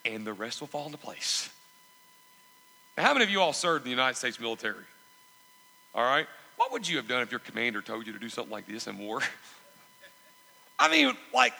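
A man preaching a sermon, animated and asking the congregation call-and-response questions. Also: mid-range voice, a little fast, vocal fry, long pauses, in a large hall, rough recording. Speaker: pastor.

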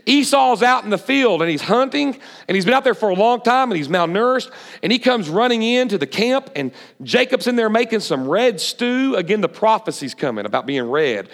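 A man's voice: sits high, fairly quick, in a large hall. A man preaching a sermon, retelling a story and questioning the audience. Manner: animated, asks the audience questions.

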